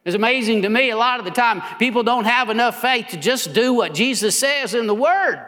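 A man preaching as a pastor, building to impassioned near shouts and then dropping low and quiet. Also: lively intonation, brisk, hardly any pauses, in a large hall. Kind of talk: sermon.

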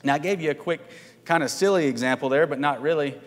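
A man with a slightly higher voice preaches in a casual, questioning way, tossing rhetorical questions to his congregation. His voice rings out with a long reverb through a church sanctuary. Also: quick pace. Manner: conversational, asks the congregation questions, frequent "right?" tags. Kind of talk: sermon.

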